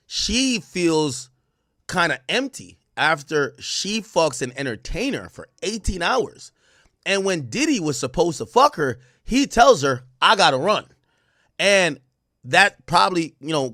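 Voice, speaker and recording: A man hosting a stream, reading court testimony aloud and reacting with profane, animated commentary. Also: mid-range voice, no room sound, studio quality. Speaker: streamer host.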